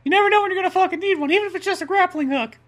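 A woman's voice: extremely high pitch, very fast, a bit bright. A woman bantering casually and profanely in comedic commentary. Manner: profane, laid-back banter.

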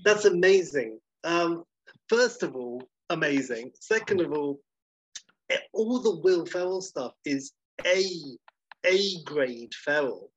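A man in casual podcast chat, enthusiastic and quick to praise. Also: on the high side, expressive, breathy edge, muffled recording. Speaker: podcast co-host.

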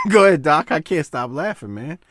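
A man hosts a loose chat over wrestling footage, his bright voice swinging wildly in pitch. He keeps breaking into laughter, swearing, then apologizing. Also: big pitch swings, normal speed. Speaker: podcast host.

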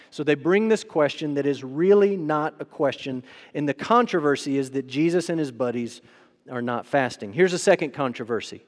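Slightly high-voiced man preaching in a reverberant hall. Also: lively intonation, normal speed. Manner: conversational, asks the crowd rhetorical questions; acts out quoted voices. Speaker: pastor. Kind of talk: sermon.

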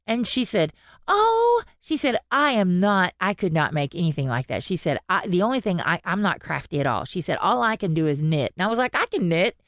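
A woman, co-hosting a podcast and telling a story in an animated way, quoting people as she goes. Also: on the low side, no room sound, studio quality. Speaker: podcast co-host. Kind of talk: casual chat.

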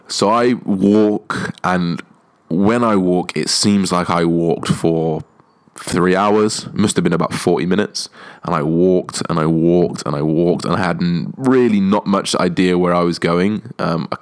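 Young man, deep low voice, laid-back, candid anecdote. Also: fairly even intonation, brisk. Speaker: storyteller. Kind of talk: casual anecdote telling.

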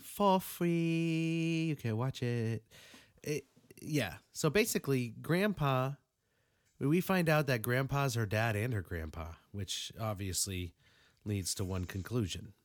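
A young man co-hosting a casual movie review podcast, profane and animated, with a stuffy nose. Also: measured pace, no room sound, studio quality. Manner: animated, profane, acts out quotes in high voices. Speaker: podcast co-host.

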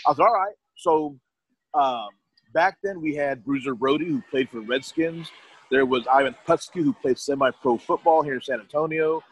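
A man's voice: on the high side, normal speed, husky, poor audio. A middle-aged man telling his story in a casual, rambling way, often restarting his sentences and quoting others.

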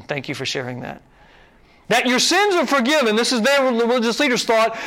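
Bright, high-voiced man preaching. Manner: animated preaching, acting out quoted voices. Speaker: pastor. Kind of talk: sermon.

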